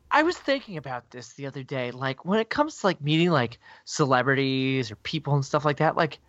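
A man's voice: mid-range voice, expressive, a little fast, hardly any pauses, a bit bright, dry recording. Rambling man, dull dry podcast audio. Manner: rambling, fills speech with "like". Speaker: podcast co-host. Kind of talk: casual chat.

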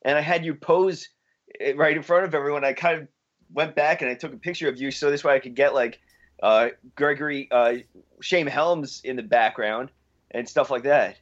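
A man's voice: mid-range voice, moderate pace. A man co-hosting a podcast in casual chat, talking earnestly with small restarts. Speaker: podcast co-host. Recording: dull lo-fi sound.

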